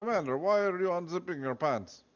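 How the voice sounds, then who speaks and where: High-pitched, shrill, pleading, hammy Russian accent, comic reading, a man doing it, lo-fi. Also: expressive, fairly quick. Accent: Russian (put-on). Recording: dull lo-fi recording.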